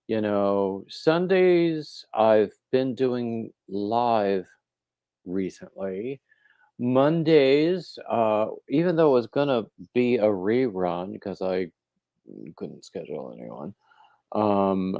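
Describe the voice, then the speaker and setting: A man hosting a casual crochet livestream, rambling and halting, with plenty of fillers and restarts, and greeting viewers by name as they arrive. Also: on the low side, creaky, dark tone, no room sound. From coastal North Carolina.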